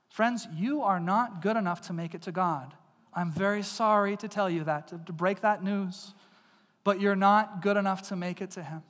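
A male pastor preaching a sermon in earnest, moving between loud emphasis and hushed, intimate delivery. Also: sits high, normal speed. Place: church sanctuary. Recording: long reverb of a large hall.

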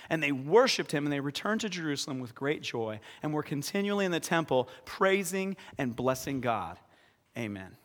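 A man preaching as pastor in a church, lively, acting out scripture scenes with sudden shouts. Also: a little high. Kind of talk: sermon. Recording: long reverb of a hall.

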